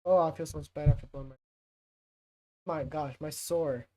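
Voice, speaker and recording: A man casually talking on a livestream, rambling and thinking out loud with lots of fillers and restarts. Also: on the high side, steady tone, brisk. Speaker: streamer.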